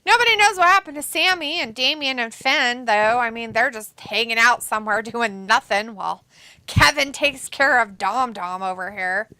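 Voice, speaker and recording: A woman hosting a wrestling watch-along, commenting excitedly and joking as she mimics the wrestlers. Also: on the high side, normal speed, dry recording. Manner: excitable, jokey, mimics wrestlers in silly voices.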